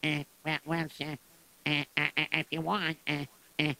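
A man's voice: fairly high pitch, completely flat delivery, normal speed, pushed and bright. A man playing a poor, meek shoemaker who stammers and hesitates. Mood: flustered.

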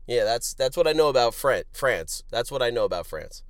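A man hosting a sports betting podcast, crude and joking, swinging from loud outbursts to low mutters. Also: fairly quick, no room sound, clean studio sound. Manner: animated, swings from shouting to muttering. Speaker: podcast host.

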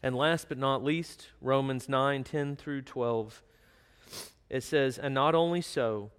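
A male preacher gives a sermon in a church sanctuary, his mid-pitched voice trailing into a long reverb from the hall. He talks in an earnest storytelling way and reads scripture verses aloud. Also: slow, a bit bright, clear, resonant tone.

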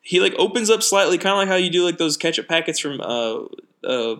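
A man's voice: high voice, lively intonation, a little fast, a bit bright. A young man co-hosting a podcast, telling rambling stories with lots of fillers in casual chat. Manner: rambling storyteller with many fillers and restarts. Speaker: podcast co-host.

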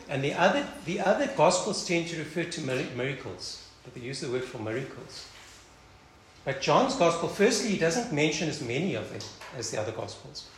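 A man teaching a Bible passage in a conversational sermon, thinking aloud and often restarting or repeating words. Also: on the high side. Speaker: preacher. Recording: echoey room, faint background noise.

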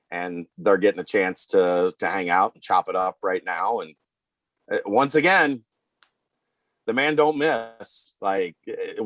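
A man in a casual sports chat, telling a story in relaxed slang with many fillers. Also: on the low side, dry recording.

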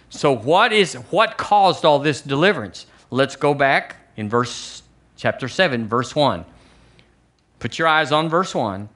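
A middle-aged male pastor with a Southern American accent, preaching a sermon with slow, emphatic repeats and calls for the congregation to say it with him. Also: medium pitch, fairly bright tone.

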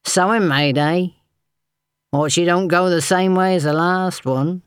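A woman's voice: on the low side, measured pace, smooth, no echo, voice pushed up, lightly acted. A sneering, swaggering young footman, as a woman reader voices him in a storybook. He mocks and taunts in a pushy, withering tone. The recording is dry and close. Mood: taunting. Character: sneering thin young male footman, bullying.

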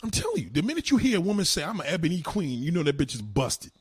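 A man on a livestream fires back at his chat, loud and mocking, his fairly high voice leaping around with every jab. His tone is slightly husky and the sound is dry and close, with no room around it. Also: wildly swooping pitch, rapid-fire, dry recording. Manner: loud, combative, profane, mocking. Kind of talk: live-stream rant.

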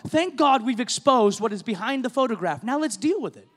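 Middle-aged male preacher, very high voice, impassioned sermon delivery, recorded in a big reverberant church hall. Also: very animated, moderate pace. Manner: impassioned preaching, rising to shouts. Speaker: pastor. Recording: long reverb of a large hall.

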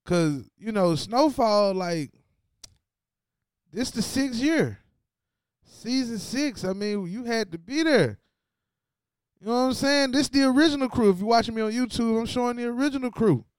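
A man's voice: extremely high pitch, normal speed, pauses often, clean tone, dry recording, clean studio sound. A man hosting his own show, giving a loose, slangy recap of a TV finale and talking straight to viewers. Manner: loose, slangy and animated, talks to viewers directly. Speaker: show host. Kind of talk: casual TV recap commentary.

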